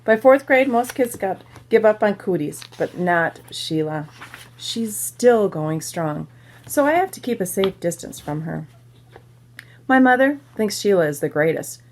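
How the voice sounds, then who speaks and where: A woman teacher reading a children's novel aloud to her students, pausing to explain words and ask questions. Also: medium pitch, expressive, a little hiss or hum. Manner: pauses to explain to listeners.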